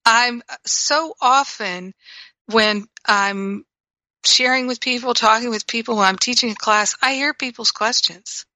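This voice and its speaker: A woman's voice: on the high side, measured pace, pushed and bright, dry recording, low-quality recording. A woman teaching in a reflective spiritual talk, telling stories and acting out her own reactions. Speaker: spiritual teacher and radio host.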